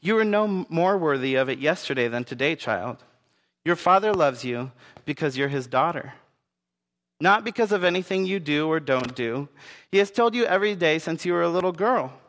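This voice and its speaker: A man voicing an older nanny, a woman who speaks firmly but gently. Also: on the high side, expressive, moderate pace.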